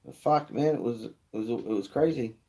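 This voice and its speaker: A man's voice: mid-range voice, normal speed, dark tone. A young man with a New Zealand accent hosting a casual live chat, slangy and swearing freely, calling viewers mate and bro. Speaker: livestream host.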